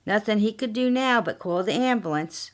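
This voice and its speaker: A woman reading her own mystery story aloud as author and podcast narrator, unhurried and plain. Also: mid-range voice, animated.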